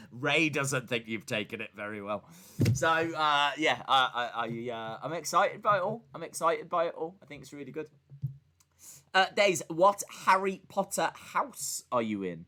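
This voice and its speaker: A man's voice: fairly high pitch, lively intonation, moderate pace, pushed and bright. A man hosting a casual live stream, rambling and joking as he reads out viewer messages. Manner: rambling and chatty, with many fillers and restarts; jokey, talking back to viewers and a voice assistant. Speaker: live-stream host reacting to wrestling and reading chat.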